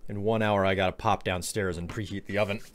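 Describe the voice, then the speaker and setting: A man's voice: on the low side, very animated, moderate pace, vocal fry. A man streaming live, chatting casually, rambling and joking as he reads his chat.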